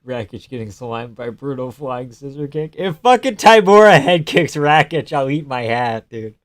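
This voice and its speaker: A man streaming live reactions to a fight, talking casually with lots of swearing and bursting into shouted groans. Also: medium pitch, moderate pace. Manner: profane and excitable, breaking into shouted groans.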